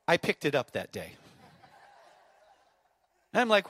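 A man in his fifties, a pastor preaching a sermon, telling a story and then building to fervent shouted exhortation. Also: on the high side, huge pitch swings, measured pace. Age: 50s. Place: church auditorium.

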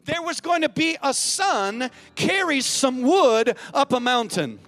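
A man's voice: very high-pitched, very animated, slow pace, fairly bright tone. A man preaching a sermon as a pastor, emphatic and calling out to the congregation in a church.

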